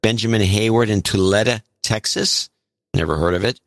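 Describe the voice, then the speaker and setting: Co-hosting a podcast, a man with a lowish, gravelly voice casually reads donor names and their towns at a moderate pace, tripping over some pronunciations. The recording has no echo.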